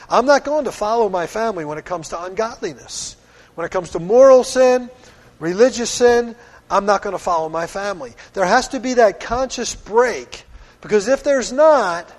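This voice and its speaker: A middle-aged man from Pennsylvania preaching a sermon as pastor, earnest and firm in a conversational way. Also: high voice. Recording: long hall reverb.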